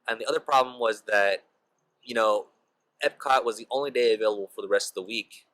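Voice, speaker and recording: A man's voice: medium pitch, a little fast, a bit bright, rough recording. A young man casually telling a personal story as a vlogger, peppering his talk with "like" and "you know.". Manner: chatty, heavy use of "like" and "you know" fillers.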